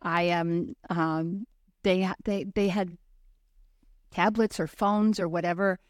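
A woman's voice: lowish voice, steady tone, takes it slowly, dry recording, studio quality. A middle-aged woman hosting a casual interview, chatty and rambling with frequent restarts. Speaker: host.

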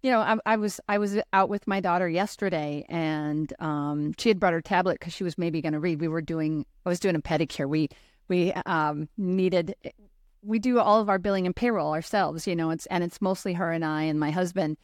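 A woman's voice: fairly low pitch, a little fast, no room sound, studio quality. A middle-aged woman hosting a casual interview, chatty and rambling with frequent restarts. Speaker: host.

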